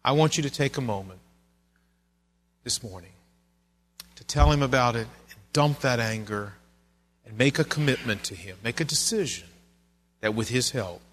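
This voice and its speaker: Man, pastor, church sermon, earnest, conversational, soft low passages. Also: moderate pace, pauses often.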